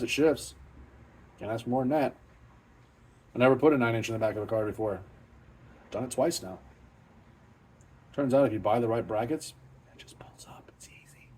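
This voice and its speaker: A man's voice: fairly low pitch, a little mellow, breathy edge. A middle-aged man hosting an off-the-cuff garage vlog, swearing freely and talking in a blunt, self-deprecating, matter-of-fact way. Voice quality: profane, blunt and plain-spoken. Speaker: car channel host. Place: home garage.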